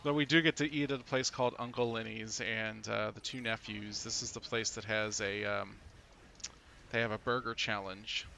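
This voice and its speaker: A man's voice: lowish voice, fairly even intonation, moderate pace, creaky, sharp tone, slight background noise. A man co-hosting a live game-stream podcast, telling casual stories with frequent chuckles and fillers. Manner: chatty storyteller, chuckles often, many fillers. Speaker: podcast co-host.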